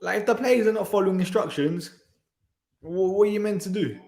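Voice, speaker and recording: A man's voice: sits high, fairly quick, creaky, darkish tone. A man hosting a football reaction channel, ranting in exasperation with sighs and repeated phrases. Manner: exasperated, repetitive, sighing. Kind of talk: frustrated match reaction rant. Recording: echoey room.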